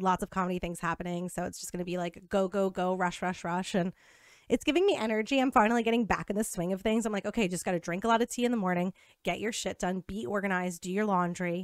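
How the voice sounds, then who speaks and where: A woman's voice: mid-range voice, dry recording, studio quality. A young woman co-hosting a podcast in casual chat, joking, teasing herself and swearing freely. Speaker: podcast co-host.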